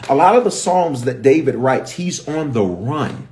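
Animated Memphis bishop preaching. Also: male voice, mid-range voice, unhurried. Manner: animated storytelling, acting out characters. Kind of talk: livestreamed Bible teaching.

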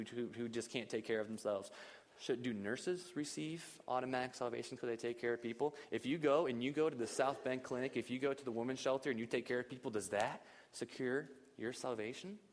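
A man preaching a lively, conversational sermon at a church service, full of rhetorical questions. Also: mid-range voice, big-room sound. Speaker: pastor.

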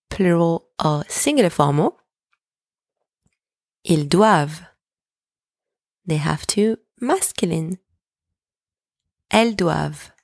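Woman, podcast teacher, slow pace, gravelly fry, dry close mic. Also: mid-range voice, no echo. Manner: word-by-word repetition drills, clear enunciation. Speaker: French teacher, podcast host. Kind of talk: slow, drilled language lesson.

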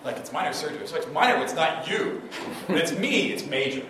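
A man gives a conversational sermon from the pulpit and keeps asking his listeners "right?". His voice is picked up from a distance, so it sounds far off. It rings through a very echoey hall over a clear layer of room noise. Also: on the high side, big pitch swings, brisk. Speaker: pastor.

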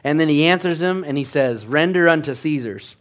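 A man preaching a sermon in a slightly higher than average voice. He tells his stories with animated energy, dropping to hushed tones and then rising loud. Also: fairly quick. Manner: animated storytelling, swings between hushed and loud. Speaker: pastor.

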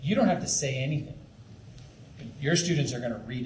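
A man's voice: medium pitch, a little fast, pauses often. A young man leading a youth ministry training talk, earnest and pleading, acting out little asides. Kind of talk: training talk to camp leaders. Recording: echoey room with faint background noise.

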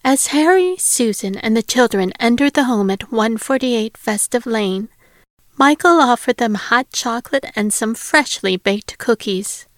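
A woman narrating a storybook aloud in a gentle, measured way. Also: medium pitch, no echo, studio quality. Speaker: audiobook narrator.

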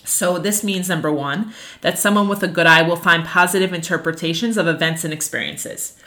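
Earnest woman teacher with a bright voice. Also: fairly low pitch, brisk. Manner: earnest and animated, with many fillers. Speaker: religious teacher. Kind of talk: teaching a class on Jewish ethics.

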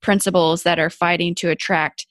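A woman hosting an interview, asking questions quickly with fillers and repeated words. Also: on the low side, fairly even intonation, fairly bright tone, no echo. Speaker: podcast host.

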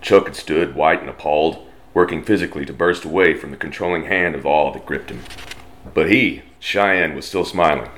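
Deep-voiced Texan man reading a western. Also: fairly bright tone. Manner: slow, drawling twang, puts on brief voices for characters. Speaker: storyteller. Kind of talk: reading a western story aloud.

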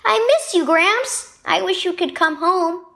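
A woman voicing an earnest, tender young boy in a children's story, with an eager, pitched-up manner. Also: lively intonation, measured pace, vocal fry, bright, forceful tone, heavily acted. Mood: pleading.

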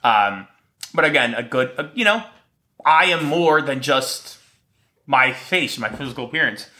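Speaking unhurriedly at medium pitch, this podcast host sounds animated with a sharp tone. On his own, he rambles through light-hearted stories in casual talk, a slight lisp audible.

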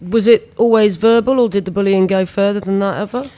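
A British woman hosting a podcast, asking gentle, sympathetic questions in an interview. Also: medium pitch, fairly even intonation, brisk, no echo. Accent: British English. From United Kingdom. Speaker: podcast host.

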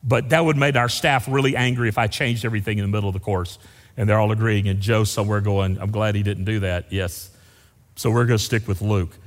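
A man's voice: on the low side, fairly quick. A man, preaching a sermon as pastor in a folksy, storytelling way. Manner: folksy storytelling, varied emphasis. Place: large church sanctuary. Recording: long reverb of a church hall.

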